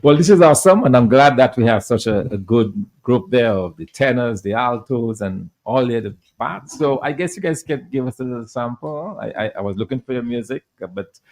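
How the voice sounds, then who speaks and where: A man's voice: mid-range voice, normal speed, hardly any pauses, a little mellow. A man hosting a radio interview, enthusiastic and often repeating words as he starts a sentence. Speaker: radio host.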